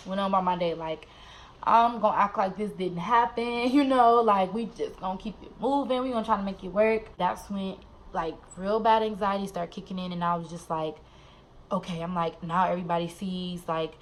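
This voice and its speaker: A young woman vlogger telling a personal story in a candid, animated, slangy way, with many "like"s. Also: mid-range voice, rough recording.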